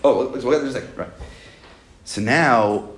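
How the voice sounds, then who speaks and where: Male Torah teacher, mid-range voice, lively lecturing, roomy echo. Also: mid-range voice, moderate pace, slight background noise. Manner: animated, acts out "I got it" moments, asks and answers himself. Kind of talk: Chassidus class lecture.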